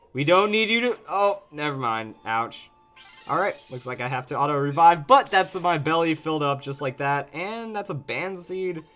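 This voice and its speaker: A man talks through his gameplay in a lively, animated voice that swings up and down, sitting a little high for a man. He is chatty and jokey, with faint game music underneath. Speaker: let's play host. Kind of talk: casual gameplay commentary.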